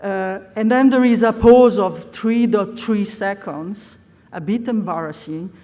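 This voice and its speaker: A woman's voice: mid-range voice, measured pace, warm tone. A woman giving an academic conference lecture, explaining at length with frequent "uh" hesitations. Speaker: plenary lecturer. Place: lecture hall. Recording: long reverb of a large hall.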